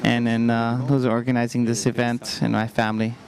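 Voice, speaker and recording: A man answering post-race interview questions in a modest, halting way, speaking in short phrases. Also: mid-range voice, level tone. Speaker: athlete being interviewed. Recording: outdoor event with crowd behind.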